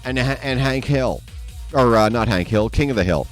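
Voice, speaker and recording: A man's voice: medium pitch, normal speed, faint music behind. Rambling, profane male streamer. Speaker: streamer host. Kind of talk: casual livestream chat.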